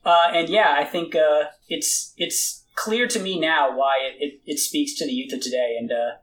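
A man's voice: fairly high pitch, normal speed, a bit bright, low-quality recording. A man co-hosting a podcast, chatting casually and rambling with jokes and fillers. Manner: rambling, joking, lots of fillers. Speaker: podcast co-host. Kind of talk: casual chat.

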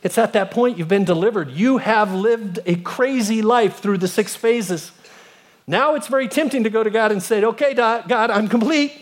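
A man in his fifties delivers a sermon in a noticeably high voice. He tells the story with animated swings, climbing to emphatic peaks and sinking to hushed lows. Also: moderate pace. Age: 50s. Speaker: pastor.

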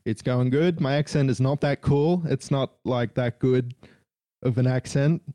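A man's voice: medium pitch, steady tone, unhurried, dark tone. A man with an Australian accent, a podcast guest telling stories in a laid-back, sweary way. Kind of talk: casual podcast talk.

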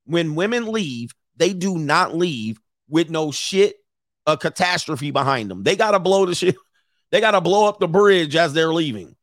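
A man hosting a live commentary, reading messages aloud and reacting to an audience in the room with blunt, profane, animated asides. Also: a little high, moderate pace, no echo, studio quality. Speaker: commentary host.

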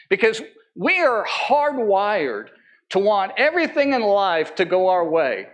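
A man, a pastor, preaching a Sunday sermon to a congregation in an earnest way, slowing right down on key phrases and climbing higher when he presses a point. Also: very animated, a bit bright. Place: church service.

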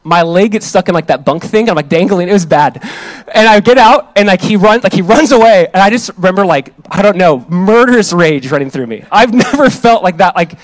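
A young man preaching a sermon as pastor, telling a personal story in an animated, conversational way. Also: sits high, a little fast, no echo. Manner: animated storytelling, voices others in quotes.

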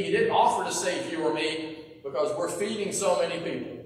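A man preaching a sermon in an earnest, conversational way, often sinking to a soft hush at the ends of phrases. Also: a little high, brisk, slight background noise. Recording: echoey hall, mic from far off.

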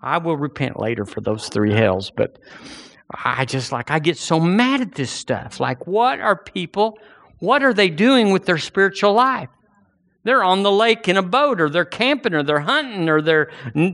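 A man's voice: a little high, animated, moderate pace, a bit bright. A man preaching a sermon with passion, rising into fervent outbursts.

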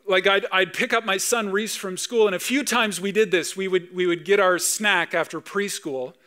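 Preaching with a steady tone at a moderate pace and few pauses, this Canadian man in his thirties has a high, bright voice. The pastor tells stories conversationally and lifts into animation when points matter most.

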